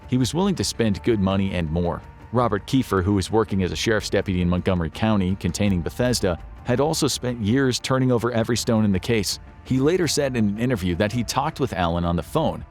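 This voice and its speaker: A man reading scripted documentary narration in a measured, even storytelling manner. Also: on the low side, faint music behind.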